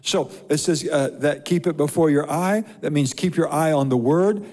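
A man's voice: fairly high pitch, moderate pace, a little mellow, in a large hall. A man preaching a sermon as pastor, reading scripture and building repeated lists of blessings. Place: church sanctuary.

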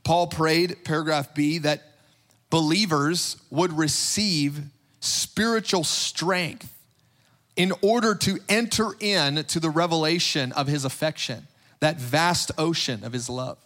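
A man preaching with fervor and emphasis, stacking repeated phrases one after another. His voice sits high for a man, and he takes his time, letting each line land slowly. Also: fairly bright tone. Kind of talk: sermon.

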